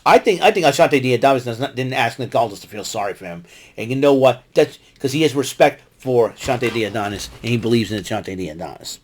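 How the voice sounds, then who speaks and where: A man hosting a casual solo wrestling recap show, rambling and excitable, who talks back to the wrestlers he describes. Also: mid-range voice, quick pace. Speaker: podcast host recapping wrestling.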